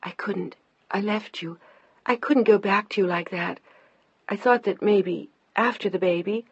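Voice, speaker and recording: An emotional young heroine talks in a bright, earnest voice, as a woman reading the audiobook puts her on. The voice sits higher than usual, and the recording is dry and dull. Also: measured pace, husky, no echo.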